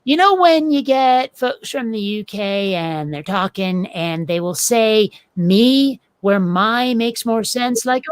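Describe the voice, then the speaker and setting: A woman's voice: fairly high pitch, takes it slowly, few pauses, clear, resonant tone, no room sound. Blunt curious woman in her forties, dry sound. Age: 40s. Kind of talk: casual chat.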